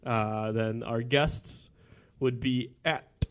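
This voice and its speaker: A man's voice: medium pitch, steady tone, extremely slow. A young man co-hosting a casual sports podcast, teasing his partner and cheerfully plugging the show. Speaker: podcast co-host.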